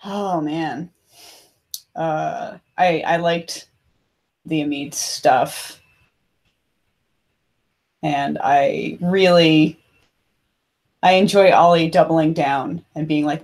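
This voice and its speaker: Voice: medium pitch, steady tone, extremely slow, pauses often, a little mellow. A player in a tabletop game chatting upbeat about the session. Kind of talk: casual post-game chat.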